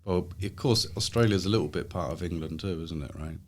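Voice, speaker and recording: Middle-aged guy, super deep voice, gently asking questions in a studio, bit of faint noise. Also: brisk. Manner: gentle, prompting, repeats answers back. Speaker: host interviewing his young daughter; university professor. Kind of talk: casual interview. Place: university studio.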